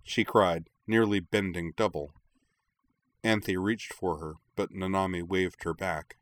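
A man with a low voice reads a story aloud at a very slow, deliberate pace. His delivery is measured and quiet. The recording is dry and close, with no room sound. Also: steady tone, no echo. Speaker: narrator. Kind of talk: reading fiction aloud.

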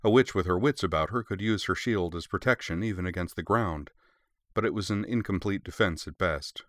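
Deep-voiced man narrating a story. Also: brisk, a bit bright, dry recording, clean studio sound. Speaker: audiobook narrator. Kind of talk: scripted narration.

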